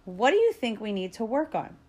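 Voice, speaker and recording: A woman's voice: fairly high pitch, big pitch swings, brisk, dark tone. A woman giving casual parenting advice, chatty and upbeat, with filler words and small laughs, acting out what parents and kids might say. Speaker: parenting educator.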